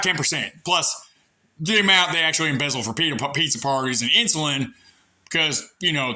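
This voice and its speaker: Sharp-voiced sarcastic ranting man. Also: fairly high pitch, brisk. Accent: rural American. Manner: folksy, coarse talk. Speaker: vlogger airing grievances. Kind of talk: rambling monologue to camera.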